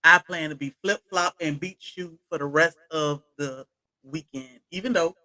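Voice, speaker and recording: A woman's voice: sits low, fairly even intonation, moderate pace, pushed and bright, rough recording. A woman chatting casually on a homestead livestream, greeting viewers from the chat by name as she talks.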